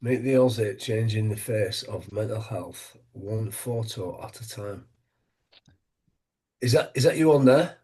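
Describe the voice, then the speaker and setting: A man, a former rugby league player, talks as a guest in a relaxed, thoughtful way. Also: lowish voice, measured pace, husky. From Yorkshire, England. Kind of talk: casual interview chat.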